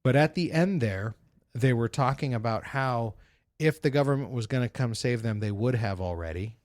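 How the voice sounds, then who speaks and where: His medium-pitched, slightly mellow voice comes through dry and studio-quality as he co-hosts a casual podcast. He drives the topics yet speaks haltingly, with frequent fillers and restarts.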